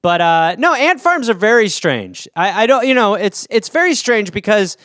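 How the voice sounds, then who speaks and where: A Wisconsin man hosts a podcast solo in a clean, echo-free, studio-quality recording, his sing-song voice a bit bright and moderately paced. He rambles jokily through listener topics and slips into silly high-pitched character voices.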